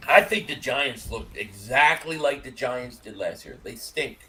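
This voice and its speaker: A man's voice: medium pitch, lively intonation, measured pace, sharp tone, a little hiss or hum. A man co-hosting a casual sports podcast livestream, joking loosely and often restarting his sentences. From Italian-American. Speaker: podcast co-host.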